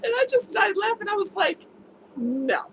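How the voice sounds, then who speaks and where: A woman's voice: very high voice, very animated, moderate pace, rough recording. A woman vlogging casually to camera, talking candidly and laughing easily as she shares her experiences. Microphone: camera mic. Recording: home video with noticeable background noise.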